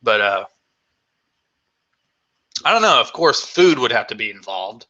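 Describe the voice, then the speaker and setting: A man hosting a casual live Q&A, with a very bright, sharp voice at an ordinary pitch. He rambles enthusiastically from thought to thought, filling the gaps with ums and likes. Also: big pitch swings, unhurried, highs cut off. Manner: rambling and enthusiastic, many fillers. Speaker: vlogger hosting a Q&A.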